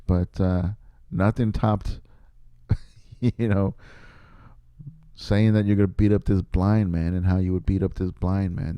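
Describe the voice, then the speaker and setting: A man's voice: low voice, fairly even intonation, normal speed, vocal fry, clear, resonant tone, no echo, lo-fi sound. A man, a podcast host and comedian, telling a rambling story casually, laughing often and poking fun at himself.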